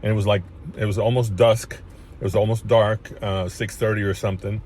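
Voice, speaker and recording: A man's voice: lowish voice, little pitch movement, fairly quick, a little mellow, a little hiss or hum. A man casually telling his own life story, rambling with frequent restarts and getting emotional at points. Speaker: chiropractor sharing his story.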